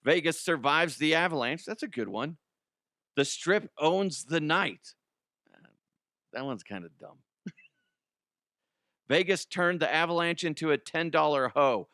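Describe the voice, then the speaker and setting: A man's voice: on the high side, lively intonation, unhurried, pauses often, sharp tone, dry recording, studio quality. A man hosting a comedic sports news show, blunt and crude in his jokes. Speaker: host.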